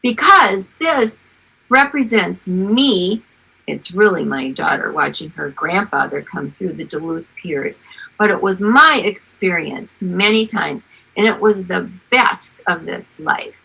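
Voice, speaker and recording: An older woman, an author, reading aloud from her childhood memoir and chatting about it in an expressive storytelling manner. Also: fairly low pitch, gravelly, husky, poor audio. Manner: slow, expressive storytelling with animated exclamations.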